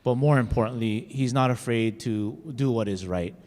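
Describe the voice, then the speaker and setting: A man's voice: medium pitch, normal speed, darkish tone. A man speaking as a state senator, paying a folksy tribute to a colleague with many fillers. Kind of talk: formal floor tribute. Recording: legislative chamber with long reverb.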